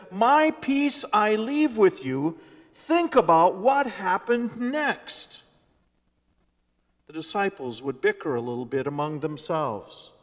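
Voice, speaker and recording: A male pastor delivers a sermon in a church sanctuary. His voice sits high and swings widely, rising to loud emphasis and dropping to near-hushed phrases at an unhurried pace. A long reverb from the hall trails every line.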